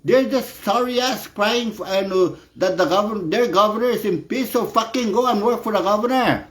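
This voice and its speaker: A man's voice: high voice, normal speed. A man delivering a heated, profane political rant, peppering his speech with "no" as a filler. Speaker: political commentator. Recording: echoey room.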